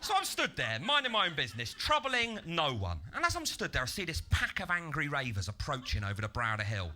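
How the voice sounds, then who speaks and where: Brief: male stand-up with a high, sharp, lively voice and deadpan delivery that turns into rants. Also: fairly quick, slight background noise. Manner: deadpan setups that burst into loud, ranting act-outs. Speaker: stand-up comedian. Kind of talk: stand-up comedy set. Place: comedy club stage.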